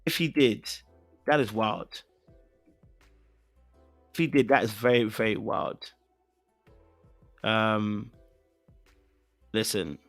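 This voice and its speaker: A man's voice: on the low side, slow pace, long pauses, dry recording, faint music behind. A man with a British accent hosting a podcast in casual live-stream chat, rambling with many fillers and repeated phrases, playfully insistent. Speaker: podcast host.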